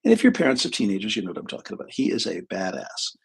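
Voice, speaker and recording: A man with a gravelly, somewhat low voice that turns husky and rough at the edges. He chats casually to his livestream audience, telling funny stories with a self-deprecating streak. His delivery is loose and conversational, like a therapist swapping anecdotes. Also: huge pitch swings, racing. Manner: chatty, self-deprecating, tells anecdotes with humor.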